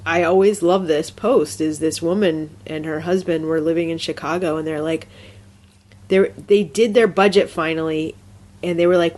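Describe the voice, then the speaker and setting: Co-host, woman, fairly low voice, chatty and enthusiastic, casual talk. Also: moderate pace. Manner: chatty, enthusiastic, lots of fillers. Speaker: podcast co-host. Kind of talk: casual chat.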